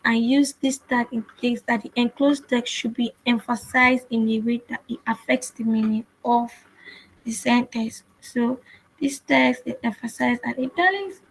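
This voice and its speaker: A woman's voice: fairly high pitch, vocal fry, breathy edge, rough recording. A woman teaching web development in a screen-share coding tutorial, explaining patiently and repeating herself with frequent restarts.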